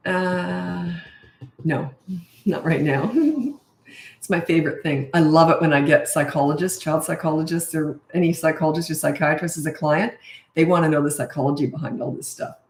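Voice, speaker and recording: A woman's voice: low-pitched, moderate pace, darkish tone. A middle-aged woman coaching parents in a blunt, emphatic way, laughing at herself now and then. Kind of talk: casual advice monologue. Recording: echoey room.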